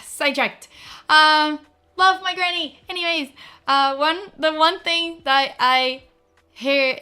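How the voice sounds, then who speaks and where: A woman streamer chatting casually to her viewers, talking fast and filling her speech with "like". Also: high-pitched, sharp tone. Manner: fast-talking, full of "like" fillers. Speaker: streamer debuting a virtual avatar. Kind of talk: casual chat.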